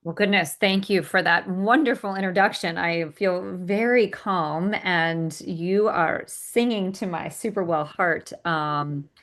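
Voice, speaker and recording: A woman guest in an interview, answering warmly but hesitantly with many fillers. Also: lowish voice, takes it slowly, few pauses. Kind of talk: casual interview chat.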